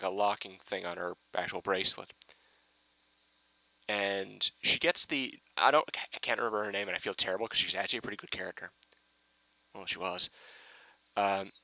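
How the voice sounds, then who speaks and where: A man ranting excitedly in a casual fan review, rambling and swearing with many restarts. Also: on the low side, gravelly, no echo, poor audio.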